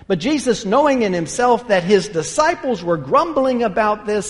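High-voiced preacher in a reverberant hall. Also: male voice, big pitch swings, a little fast, hardly any pauses. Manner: emphatic, dropping to hushed near-whispers for stress; anecdotal, conversational asides. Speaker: pastor. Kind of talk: sermon.

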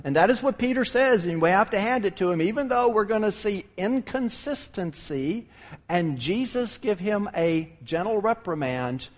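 A man preaching a sermon with emphatic delivery, rising to loud peaks and dropping low. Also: expressive, moderate pace. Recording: long hall reverb.

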